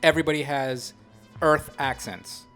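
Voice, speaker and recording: Animated man hosting a casual podcast. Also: a little high, normal speed, faint music behind. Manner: animated, talks through restarts and asides. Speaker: podcast host. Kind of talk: casual chat.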